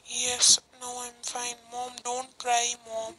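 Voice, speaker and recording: Voicing the office workers in her own homemade cartoon, the channel creator reads short replies in a plain, simple way. Her slightly high voice is monotone and slow, and the recording is very noisy.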